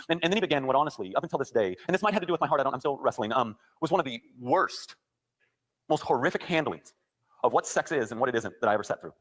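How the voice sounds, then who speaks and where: A man preaching a sermon, telling a personal story that builds to impassioned shouting. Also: mid-range voice, lively intonation, very fast. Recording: sermon clip played back.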